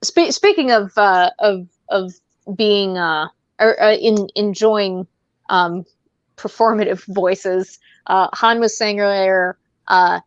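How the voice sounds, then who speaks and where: A woman hosts a relaxed podcast chat, wandering between thoughts with plenty of ums and easy laughter. Her voice sits at an ordinary pitch, and the sound is dull and dry. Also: slow, clean tone, no room sound. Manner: rambling, laughs often, many fillers. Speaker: podcast host.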